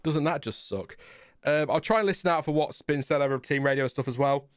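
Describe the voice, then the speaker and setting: A man's voice: a little high, fairly quick, clean tone, dry recording, studio quality. A man hosting a casual live watchalong, rambling and chatty with lots of fillers and laughs. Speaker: livestream host.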